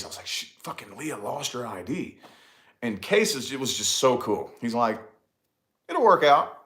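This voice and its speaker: A man in his thirties co-hosting a casual chat, telling a story with swearing and voice jumps when he gets excited. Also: medium pitch. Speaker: podcast co-host.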